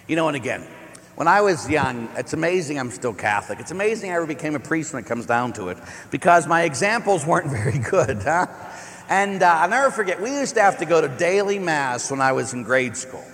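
A man who is a Catholic priest, giving a conversational homily as a joking, animated storyteller. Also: on the high side. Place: large church. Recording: echoey church with long reverb.

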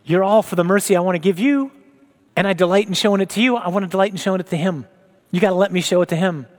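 A man voicing the Lord in a sermon, gently and earnestly urging mercy in a raised, quickened voice. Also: high-pitched, long reverb tail, voice pushed up, lightly acted.

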